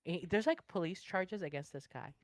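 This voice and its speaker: A woman's voice: lowish voice, normal speed, no echo. A woman guest in a casual interview, talking emphatically with slangy asides. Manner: emphatic, slangy, says bro. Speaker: guest, online streamer.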